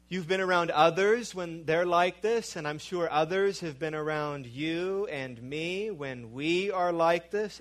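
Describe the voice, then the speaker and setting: Slow, emphatic male preacher. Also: fairly bright tone. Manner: slow, emphatic, dramatic drops to a low mutter. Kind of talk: sermon.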